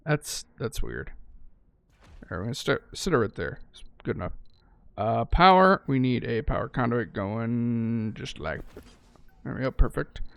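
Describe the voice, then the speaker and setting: Man, let's-play commentary, mid-pitched voice, talks to himself while playing, curses a lot, dry close sound. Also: lively intonation, a little slow, gravelly, long pauses, fairly bright tone, smooth, dry recording. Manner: swears casually, thinks aloud, self-correcting. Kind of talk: casual gameplay commentary.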